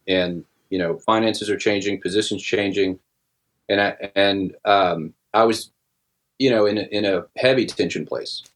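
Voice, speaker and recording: A middle-aged man telling a personal story in casual podcast talk, halting with many restarts and fillers. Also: lowish voice. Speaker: guest musician.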